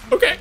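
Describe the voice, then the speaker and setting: A young man casually commenting on a co-op game, laughing, swearing and yelping whenever his character gets hit. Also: background noise. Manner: laughing, excitable, swears, yelps when hit. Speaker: co-op gameplay streamer.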